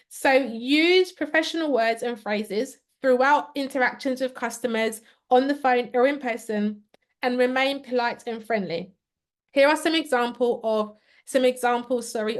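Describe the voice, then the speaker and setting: Woman, customer service trainer, slightly high voice, clear and upbeat, talking to a live online audience.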